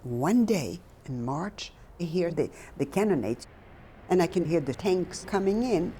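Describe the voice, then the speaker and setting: An older woman recounting her own memories in a slow, halting, reflective way with pauses. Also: on the low side, expressive, mellow, a little hiss or hum. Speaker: Holocaust survivor giving testimony. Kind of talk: personal testimony, recounted memories.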